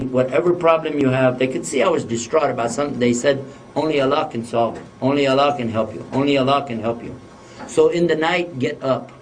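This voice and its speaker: An older man preaching, telling a personal story in a lively way and acting out the voices in it. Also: mid-range voice, distant mic, slight background noise, rough recording. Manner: animated storytelling with voiced quotes. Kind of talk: storytelling lecture.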